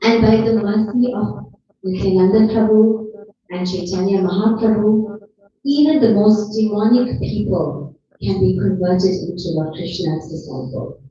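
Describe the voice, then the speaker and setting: A woman's voice: mid-range voice, measured pace, warm tone, slight background noise. A woman giving a devotional talk, retelling stories in an earnest, pleading way and repeating phrases for emphasis. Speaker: speaker at a devotional gathering. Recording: distant, dull, echoey hall recording.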